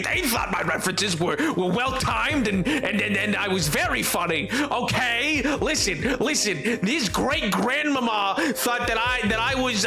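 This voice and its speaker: A man streaming a game, chatting casually in a rambling way, full of stammered restarts and theatrical asides. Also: high-pitched. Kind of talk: casual chat while gaming.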